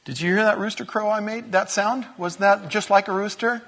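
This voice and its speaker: A man's voice: high-pitched, steady tone, fairly quick, a bit bright. A male pastor preaching a sermon in a church, telling the story with jokes and acting out the scenes. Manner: jokey, storytelling preacher who acts out scenes.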